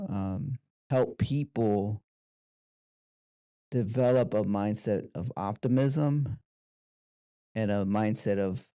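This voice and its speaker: Gravelly low-voiced man hosting a podcast. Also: dry recording, clean studio sound. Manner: warm, encouraging, summarizing questions. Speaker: podcast host. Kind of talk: interview.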